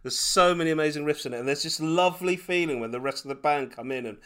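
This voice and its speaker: A man co-hosting a casual music podcast, enthusiastic and quick to laugh, piling on superlatives as he talks through songs. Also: on the high side, a bit bright, clean tone. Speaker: podcast co-host.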